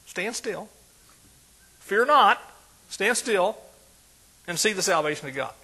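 A man preaching a sermon, folksy and animated, dropping soft and then rising loud. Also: sits high, slow, slightly rough.

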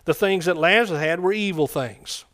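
A man's voice: sits high, normal speed, a bit bright. A man preaching a sermon in a conversational way, often repeating phrases and asking the congregation questions.

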